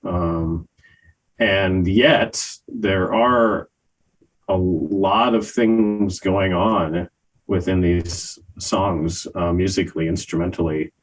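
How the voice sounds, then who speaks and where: An older man co-hosting a music review podcast, talking in a casual, hesitant way with many pauses and fillers. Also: low-pitched, fairly even intonation, rough recording. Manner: slow, hesitant, many ums and uhs. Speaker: podcast co-host reviewing albums. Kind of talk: casual chat.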